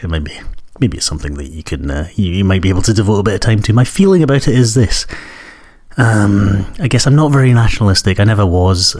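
A man's voice: deep voice, a little mellow. A man in his thirties with a Scottish accent that carries traces of Newcastle, hosting a podcast in a casual, rambling, self-deprecating monologue full of fillers. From Scotland. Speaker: podcast host.

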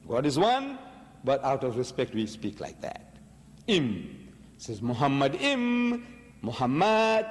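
Male lecturer, higher-pitched, emphatic and argumentative, long hall reverb. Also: darkish tone. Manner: emphatic, rhetorical questions. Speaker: religious lecturer. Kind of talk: public religious lecture.

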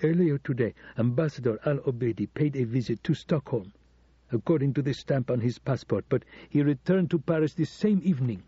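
Man playing a sly deferential male administrator, quiet, husky, muffled tape sound. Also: mid-range voice, brisk, no room sound, voice pushed up, close to an everyday voice. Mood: insinuating. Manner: quiet, respectful, insinuating.

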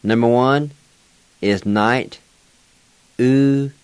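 Slow, deliberate man teaching words. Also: fairly low pitch, smooth, dry recording. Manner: slow, deliberate, spells letter by letter. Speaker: language teacher. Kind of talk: slow spelling lesson.

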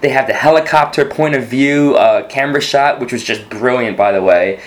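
A man in casual movie talk, recounting a scene with eager, tumbling restarts. His voice sits at a middling pitch, and he keeps the conversation rolling as a co-host. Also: normal speed. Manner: animated retelling, full of restarts. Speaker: podcast co-host.

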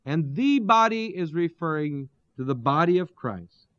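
Guy teaching bible verse by verse, slow and deliberate, asks rhetorical questions, muffled dry audio. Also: fairly high pitch, lively intonation, a bit bright, no room sound. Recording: dull, lo-fi dry recording.

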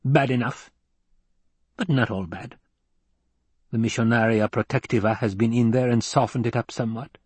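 A man's voice: mid-range voice, fairly even intonation, moderate pace, long pauses, breathy edge, no room sound, close to an everyday voice. A man voicing a stern, domineering old woman elder in an audiobook reading, with a commanding, clipped manner. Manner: commanding and clipped, softening at times.

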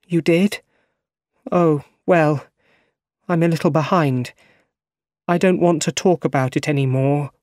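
A man's voice: on the high side, steady tone, unhurried, pauses often, a little mellow, dry recording, clean studio sound, pitched above the performer's own voice, close to an everyday voice. A man putting on a frail, tearful elderly aunt. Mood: drowsy, weary.

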